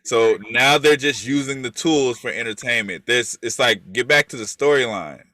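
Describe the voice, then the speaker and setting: Co-host, man; bright, lively chat, repeats himself, dry close sound. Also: medium pitch, normal speed, dry recording. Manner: animated, chatty, repeats words when restarting. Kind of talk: casual chat.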